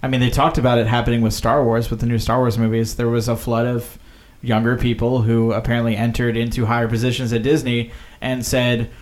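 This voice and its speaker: A man's voice: medium pitch, flat delivery, brisk, hardly any pauses, darkish tone. A man in casual chat who keeps restarting his sentences while making his point. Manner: restarts sentences often, earnest. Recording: echoey room.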